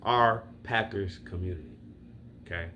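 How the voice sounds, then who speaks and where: A man's voice: low voice, measured pace, pushed and bright, slight background noise. A man from Milwaukee venting about his football team, blunt and profane, speaking straight to his viewers. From Milwaukee, Wisconsin. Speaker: sports fan vlogger. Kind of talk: casual fan rant to camera.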